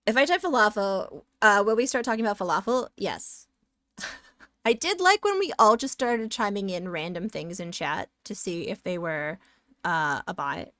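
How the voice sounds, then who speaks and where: A woman's voice: medium pitch, expressive, normal speed, fairly bright tone, no room sound, studio quality. Giggly, sassy woman streamer. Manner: playful, sassy, giggly, chatting with viewers. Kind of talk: casual live-stream chat while drawing.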